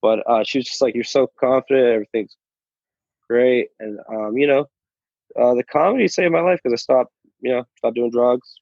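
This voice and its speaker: A male stand-up comic talks loosely about his life, stumbling through restarts and dropping curse words as he goes. His voice sits at an ordinary pitch. The sound is dry and slightly muffled, like a lo-fi recording. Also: fairly quick, creaky, dry recording. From Saudi Arabia then the U.S. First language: Arabic. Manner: stammering, restarts, swears freely, laughs often. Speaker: stand-up comedian, guest. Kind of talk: casual interview chat. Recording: dull, lo-fi sound.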